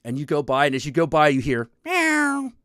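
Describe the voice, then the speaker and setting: A man's voice: medium pitch, quick pace, dry recording, clean studio sound. A man hosting a stream show, casually retelling a video game with lots of swearing. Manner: animated storytelling, frequent swearing and restarts.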